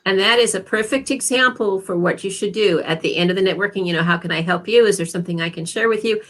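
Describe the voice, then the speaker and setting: A woman career coach giving advice as an interview guest, animated and acting out example phrases. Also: medium pitch. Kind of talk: interview conversation.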